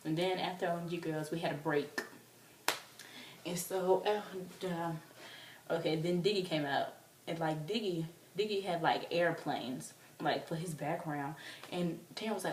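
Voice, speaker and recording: A woman's voice: lowish voice, measured pace, slight background noise. Chatty young woman in an echoey room. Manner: excitable, chatty, full of fillers. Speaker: vlogger. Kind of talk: casual storytelling. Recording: roomy, distant from the mic.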